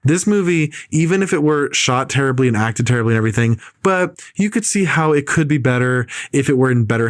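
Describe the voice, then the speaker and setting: A man co-hosting a casual podcast, tearing into a movie with blunt, repeated verdicts. His voice sits at an ordinary middle pitch and is recorded dry, with no room sound. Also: no echo. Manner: emphatic, repetitive ranting. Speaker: podcast co-host.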